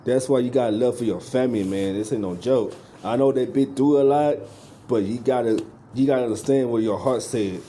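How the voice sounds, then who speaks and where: Dark-voiced man preaching to his viewers. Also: medium pitch, a little fast, slight background noise. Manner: addresses viewers directly, leans on "man" and "you know". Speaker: commentary video host. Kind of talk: casual preachy commentary.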